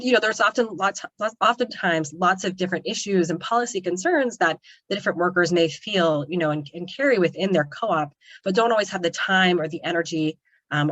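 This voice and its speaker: A woman's voice: low voice, a bit bright, dry recording. A woman giving an earnest webinar presentation on a video call, talking loosely with many "um" and "kind of" fillers. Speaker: co-op developer presenting.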